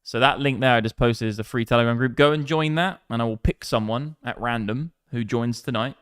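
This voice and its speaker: A man's voice: medium pitch, brisk, fairly bright tone, clean tone, no echo. Man, live crypto trading stream, hyped casual banter, resonant voice, dry sound. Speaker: livestream crypto trader.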